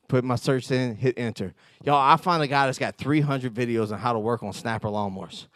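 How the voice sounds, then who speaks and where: A man giving a conversational sermon as pastor, telling stories with self-mocking humor and quick laughs. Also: medium pitch, a bit bright, no room sound, clean studio sound.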